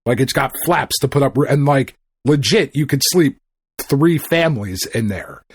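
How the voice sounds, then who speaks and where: Husky, rambling podcast co-host man. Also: medium pitch, measured pace, no room sound, studio quality. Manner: excitable, profane, rambling. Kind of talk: casual chat.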